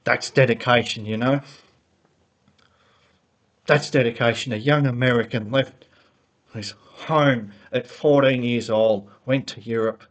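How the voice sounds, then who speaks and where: A motorsport fan vlogger rants his unscripted opinions into a laptop's built-in mic in a medium-pitched, steady, unhurried voice with frequent pauses. Heated and rambling, he repeats words and restarts, getting more worked up as he goes.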